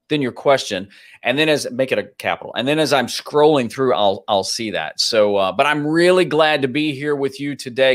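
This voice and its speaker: A man's voice: medium pitch, fairly bright tone. A man hosting a live stream from his home office studio, chatting casually and greeting viewers by reading out their comments. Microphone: home office studio mic.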